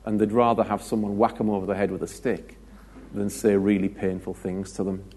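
A man's voice: lowish voice, little pitch movement, a little fast, a little mellow, breathy edge. A British man preaching a conversational sermon, chatty and joking, with anecdotes and asides to the congregation.

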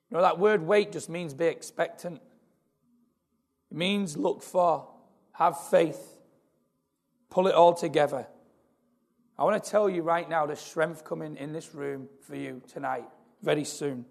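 A man preaching an earnest, repetitive sermon in a church, his voice gravelly. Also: on the high side, a little slow, long pauses. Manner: earnest, repetitive, building in intensity. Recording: long hall reverb.

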